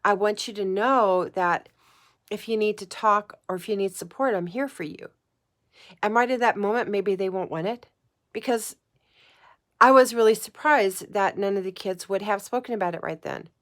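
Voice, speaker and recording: An earnest woman speaks directly to the camera in a heartfelt personal vlog. She is emotional and close to tears, and she repeats her phrases for emphasis. Her voice sits at an ordinary middle pitch. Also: normal speed. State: tearful at times. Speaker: psychic vlogger. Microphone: camera mic, talking to camera.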